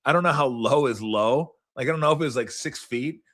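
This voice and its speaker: A middle-aged man hosting a sports talk show, rambling casually and cursing, sometimes acting out people in high mocking voices. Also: a little fast, few pauses, a bit bright. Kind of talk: casual solo rambling recap.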